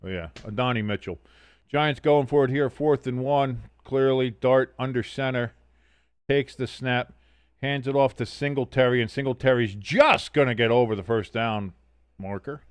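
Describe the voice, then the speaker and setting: A man's voice: mid-range voice, normal speed, smooth, dry recording. Swearing, sardonic man calling a football game. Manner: sardonic, swears a lot, reads chat aloud. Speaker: sports stream host. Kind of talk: casual watch-along commentary.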